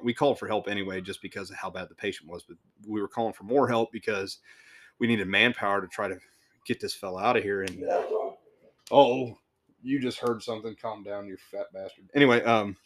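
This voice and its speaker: A man's voice: fairly low pitch, steady tone, moderate pace, fairly bright tone. A man hosting a podcast, telling a work story in a casual, rambling way with swearing, restarts and chuckles.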